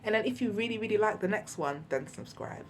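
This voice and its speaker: A woman's voice: mid-range voice, quick pace, a little hiss or hum. A woman giving parenting advice in a casual vlog, chatty and candid, laughing often and acting out what people said. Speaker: parenting vlogger. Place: at home.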